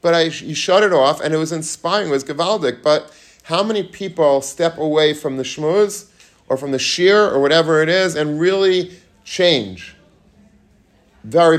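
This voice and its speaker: Man giving a lively storytelling sermon. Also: on the high side. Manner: animated, acts out quoted voices, Yiddish and Hebrew terms. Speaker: Torah lecturer.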